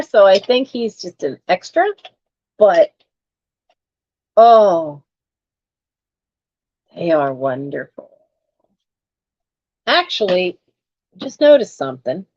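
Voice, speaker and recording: A chatty woman talks through her finds as she unboxes them, her voice rising and falling in lively swings. She speaks slowly and unhurriedly, and the sound is dull and lo-fi. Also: fairly high pitch. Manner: chatty, exclaims over finds. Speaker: online reseller hosting a live sale. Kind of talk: casual chat while unboxing.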